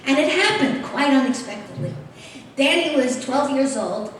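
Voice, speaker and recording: Animated woman speaking in an echoing hall. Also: sits high, normal speed, a little hiss or hum. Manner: lively, animated storytelling with laughter. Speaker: guest speaker. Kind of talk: personal storytelling speech. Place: large convention hall. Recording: echoey hall heard from far off.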